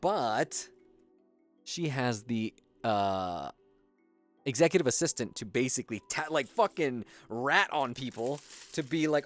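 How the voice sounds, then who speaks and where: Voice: mid-range voice, expressive, measured pace, faint music behind. A streamer chatting casually during a livestream, rambling and swearing with lots of fillers. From United States. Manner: rambling, profane storytelling with many fillers. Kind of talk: casual chat while building on a livestream.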